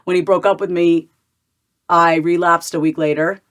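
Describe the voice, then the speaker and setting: A woman's voice: fairly low pitch, fairly even intonation, moderate pace. A woman, a therapist telling her story candidly in a podcast interview and acting out her past thoughts in quotes. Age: 30s. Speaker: guest, therapist and coach.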